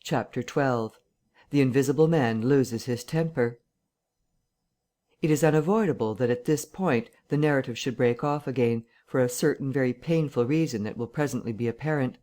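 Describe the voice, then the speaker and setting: An audiobook narrator reading a classic novel in a steady, even storytelling manner. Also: mid-range voice, moderate pace.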